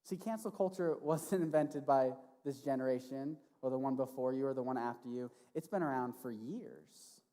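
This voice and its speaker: A man preaching as a youth pastor to teenagers, casual and animated, often checking in with "right?". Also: mid-range voice, moderate pace, hardly any pauses. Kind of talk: sermon to teenagers. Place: church hall. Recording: long reverb of a large hall.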